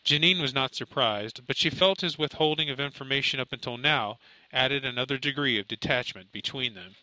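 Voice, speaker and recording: Very bright-voiced male narrator. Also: mid-range voice, no room sound, poor audio. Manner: steady, measured storytelling. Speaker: audiobook narrator. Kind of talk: scripted narration.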